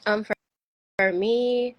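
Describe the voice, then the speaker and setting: A woman's voice: a little high, fairly even intonation, slow, no room sound, poor audio. A woman giving travel tips in casual chat on a live show. She talks chattily, filling her talk with "like" and acting out the people she quotes.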